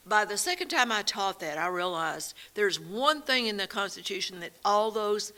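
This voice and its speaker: A woman co-hosting a faith and politics talk show, telling stories in an animated way and laughing often. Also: mid-range voice. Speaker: co-host. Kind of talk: casual talk show chat.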